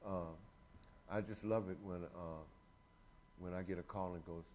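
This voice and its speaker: A man's voice: deep voice, fairly even intonation, a little slow, a little mellow, a little hiss or hum. A man in his sixties hosting a casual show, rambling and joking with frequent laughs. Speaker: host. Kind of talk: casual chat.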